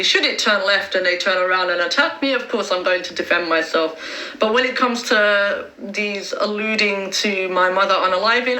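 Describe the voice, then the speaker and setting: A woman hosts a casual livestream, halting and full of ums as she talks to her viewers and reads chat aloud. Her voice is very bright, and the room around her rings with echo. Her pitch sits in the middle. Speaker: livestream host.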